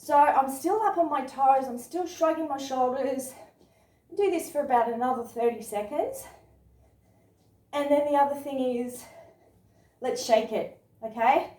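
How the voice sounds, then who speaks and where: A woman guiding a yoga class through movement and body awareness, speaking in an encouraging, gently instructive way. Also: high voice, unhurried, long pauses. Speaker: yoga and meditation teacher. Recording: roomy sound from a distant mic.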